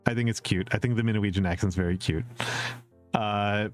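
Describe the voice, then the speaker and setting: Speaking a little fast in a lowish, fairly even voice over soft background music, this Upper Midwest VTuber streamer answers viewer questions live. He rambles, repeats himself, leans on fillers, and chuckles at his own jokes.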